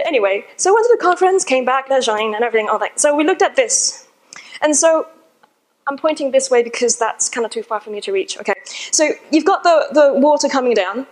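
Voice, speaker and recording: High-voiced woman telling a story on stage. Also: low-quality recording. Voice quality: conversational, chatty and informal. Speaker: conference speaker. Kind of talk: storytelling talk to a live audience. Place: in front of a seated audience.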